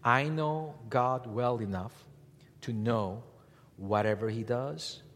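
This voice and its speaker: A man preaching a sermon as pastor, speaking in an animated way and asking the congregation rhetorical questions. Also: mid-range voice, takes it slowly. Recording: long hall reverb.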